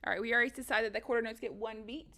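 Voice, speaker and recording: High-voiced upbeat woman music teacher. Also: fairly even intonation, rapid-fire, bright, forceful tone. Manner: upbeat and encouraging, clapping and chanting rhythms. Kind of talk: recorded music lesson for kids.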